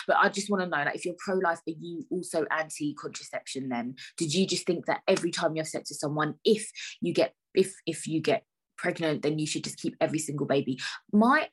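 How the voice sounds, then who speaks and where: A young woman hosts her own podcast, speaking in a lowish, husky voice. She talks frankly and with open exasperation. She swears freely and keeps circling back with casual fillers. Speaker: podcast host. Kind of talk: solo podcast rant.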